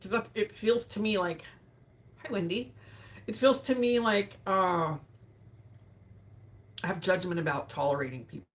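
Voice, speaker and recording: A woman hosting a live session, speaking in a soft, emotional way with sighs and pauses while tearful. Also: medium pitch. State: tearful, grieving. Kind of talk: reflective live talk.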